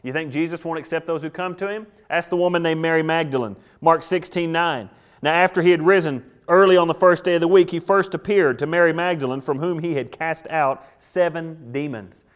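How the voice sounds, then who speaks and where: Pastor guy preaching, voice on the higher side, asks the room questions, says things over and over. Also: brisk, clean tone. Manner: preaching with rhetorical questions and repeated phrases. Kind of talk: sermon.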